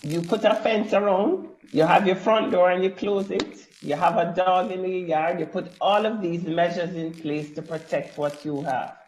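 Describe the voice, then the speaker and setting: A woman's voice: lowish voice, steady tone, moderate pace, hardly any pauses, darkish tone, roomy sound, a little hiss or hum, poor audio. A woman speaking as a panelist, explaining her point through a homely everyday analogy. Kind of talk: panel discussion.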